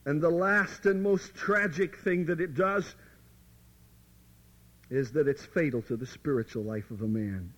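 A man's voice: on the high side, unhurried, a bit bright, rough recording. A man preaching a sermon with dramatic emphasis, addressing the listener directly and sometimes dropping to near whispers.

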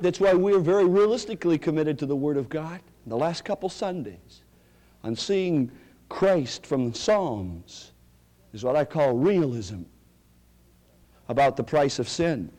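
A man's voice: on the high side, animated, a little slow, warm tone. A middle-aged man preaching a sermon, telling stories and building to emphatic declarations. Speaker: pastor.

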